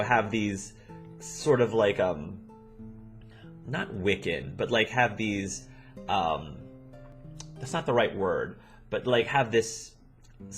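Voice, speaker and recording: A man hosting a let's play, reading a visual novel aloud with rambling, animated asides. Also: fairly low pitch.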